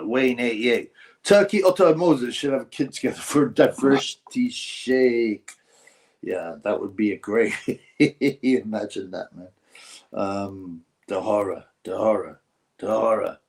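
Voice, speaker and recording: A man's voice: lowish voice, lively intonation, unhurried, gravelly, a little mellow. Rambling, mocking man on a boxing stream. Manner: rambling and mocking, breaks into mimicry and chuckles. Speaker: boxing live-stream host. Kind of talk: casual live-stream chat reading viewer comments.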